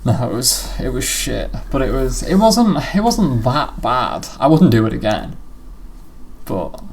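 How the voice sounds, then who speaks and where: Guy rambling thru his own vid commentary, swears loads, average pitch, bit of hiss behind. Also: unhurried, vocal fry. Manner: relaxed, rambling, swears freely. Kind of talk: casual chat.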